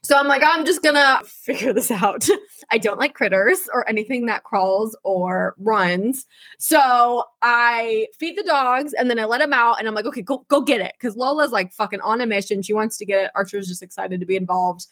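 Young adult woman, podcast co-host, animated, profane storyteller, higher register, dry close mic. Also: moderate pace, no room sound. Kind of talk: casual storytelling chat.

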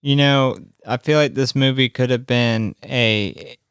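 A man's voice: mid-range voice, measured pace, fairly bright tone, smooth, no room sound, studio quality. A man co-hosting a casual podcast, blunt and crude and joking about a movie. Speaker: podcast co-host. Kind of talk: casual chat.

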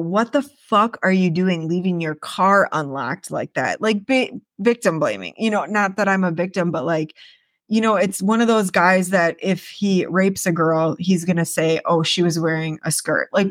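Woman podcaster, lowish voice, rambling and animated, swears, dry close recording. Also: no room sound. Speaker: podcast host. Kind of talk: casual storytelling monologue.

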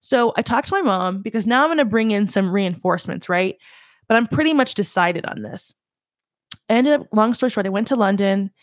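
A young woman hosts a solo podcast in a chatty, emphatic way, stopping to rephrase and urge the listener on. Her voice sits at an ordinary middle pitch. The recording is close and dry, with no room around it. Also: lively intonation, a little fast, no room sound. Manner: chatty, self-correcting, emphatic advice. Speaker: podcast host. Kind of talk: casual solo talk.

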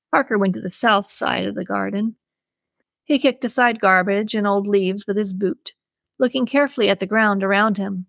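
A woman reads a novel aloud, telling the story at an even, steady pace. Her mid-pitched voice sounds close and dry, with no room echo. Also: normal speed, creaky. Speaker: audiobook narrator. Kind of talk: scripted narration.

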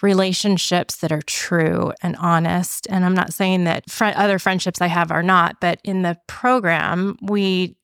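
A woman's voice: fairly low pitch, steady tone, unhurried, gravelly, few pauses, fairly bright tone, dry recording, studio quality. A middle-aged woman speaking candidly and earnestly as a guest in a casual podcast interview, often saying "you know.".

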